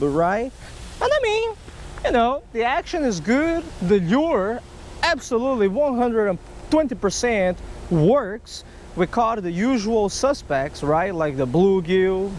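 A fairly high-pitched man talks his way through a fishing session out by a canal. He is chatty and explanatory, often tossing in a "right?" A faint outdoor hum and the odd passing car sit underneath. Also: darkish tone. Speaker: fishing vlogger. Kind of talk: outdoor fishing vlog narration. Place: outdoors by a canal and creek on a hot day.

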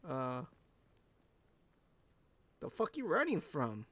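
A man's voice: a little high, huge pitch swings, slow pace, a bit bright. A young man giving profane, joking let's-play commentary and laughing often. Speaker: gaming channel host.

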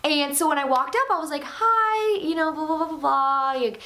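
A young woman YouTuber in a casual storytime chat, talking with lots of "like" and retelling events with animated energy. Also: high-pitched, brisk. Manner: chatty, filler-heavy with constant "like", animated retelling.

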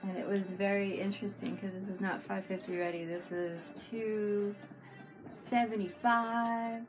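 A woman's voice: mid-range voice, steady tone, a little slow, music in the background. A woman chatting casually on a live stream, giggling often and talking to viewers in the chat.

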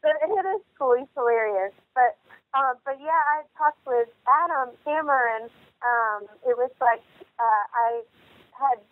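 A woman guest in an interview, telling stories in a chatty, animated way with lots of fillers and acted-out quotes. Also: high-pitched, measured pace, no room sound. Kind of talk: casual storytelling in an interview. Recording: phone line.

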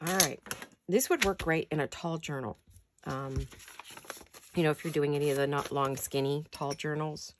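An American woman hosts a paper craft channel, chatting casually to the camera in a deep, early-morning voice at a moderate pace, with background noise behind her. She talks herself through each step as she works, chatty and given to light laughs.

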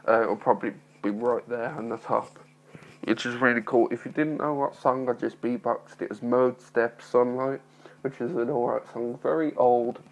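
Young male vlogger, gravelly, mild speech impediment, shy and apologetic, recorded on a phone. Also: medium pitch, fairly even intonation, moderate pace, rough recording. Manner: nervous, apologetic, rambling with many fillers. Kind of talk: casual talking-to-camera vlog.

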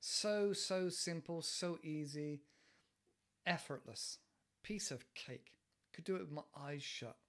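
A man hosting a casual learning podcast, chatting and wandering off topic as he explains idioms. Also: on the high side. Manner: chatty, wandering, self-interrupting. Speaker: English teacher podcast host.

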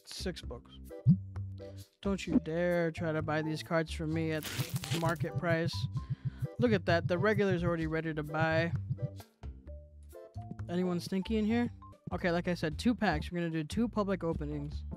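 A man's voice: on the high side, normal speed, pauses often, faint music behind. A man giving playful, joking commentary as he plays a video game, bantering with the customers in the game. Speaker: gaming video creator.

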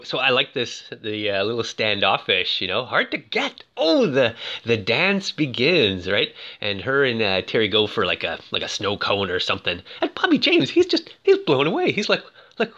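A man's voice: mid-range voice, big pitch swings, moderate pace, sharp tone, muffled recording. A man giving casual, playful commentary over film clips, full of fillers and cheeky asides. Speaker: film reviewer.

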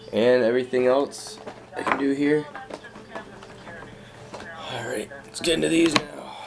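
A young man calmly listing off his trading cards in a casual showcase, with slang and frequent fillers. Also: medium pitch, noisy background. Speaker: card collector.

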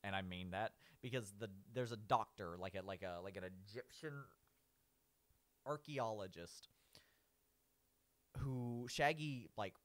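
A man's voice: lowish voice, unhurried, pauses often, a bit bright. A man giving casual, rambling commentary as he rates cartoon villains. He keeps saying "like", restarts his sentences and laughs at his own points.

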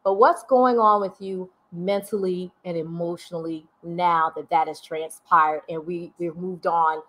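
A woman's voice: on the low side, steady tone, a little slow, fairly bright tone. A woman hosting an interview, asking long, rambling questions full of repetitions. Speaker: host.

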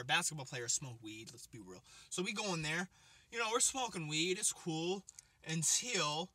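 A young man telling a comic story as a vlogger, animated and expressive, swinging between loud bursts and muttered asides. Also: a little high. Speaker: comedian vlogger.

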